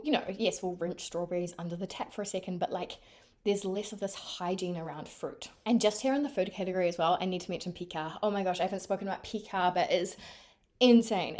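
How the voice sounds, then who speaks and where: A young woman from New Zealand with a New Zealand accent, chatting casually to camera in an animated way with lots of fillers. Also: mid-range voice. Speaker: vlogger.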